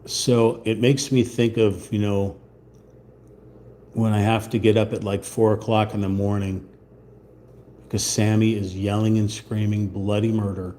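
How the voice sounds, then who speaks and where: Slow, sarcastic man with a low voice. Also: little pitch movement, warm tone, a little hiss or hum. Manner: sarcastic, rambling, mock-indignant. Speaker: channel host. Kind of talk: casual live-stream chat while painting.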